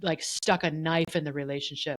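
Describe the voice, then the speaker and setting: A middle-aged woman co-hosting a podcast, telling a personal story in a candid, animated way and acting out what others said. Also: deep voice, brisk, no room sound, poor audio. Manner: candid, animated, often voices the people she quotes. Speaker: podcast co-host.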